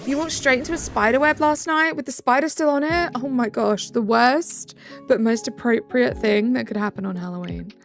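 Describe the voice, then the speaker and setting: A woman's voice: fairly high pitch, moderate pace, vocal fry. A young woman from England, live streaming and chatting back to viewer comments in a casual way. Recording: faint music behind.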